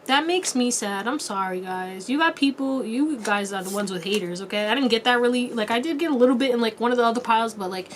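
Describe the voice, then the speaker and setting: Chatty woman doing a tarot reading, kinda high voice, lots of slang and giggles, faint hiss behind. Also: fast, hardly any pauses. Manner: playful, chatty, laughs often, slangy. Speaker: tarot reader. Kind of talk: casual tarot reading to viewers.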